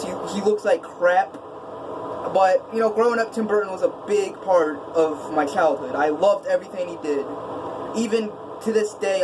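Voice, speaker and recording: A man's voice: sits high, background noise. A young man talking off the cuff in a vlog, rambling with stammered restarts and sarcastic asides. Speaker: vlogger. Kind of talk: unscripted ranting vlog.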